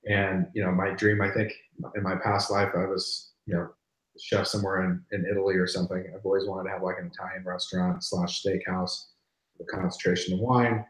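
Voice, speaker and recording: A man's voice: low-pitched, flat delivery, brisk, reverberant, rough recording. A middle-aged man hosting a barbecue channel, chatting casually and animatedly, often repeating words as he goes. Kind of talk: casual live-stream chat.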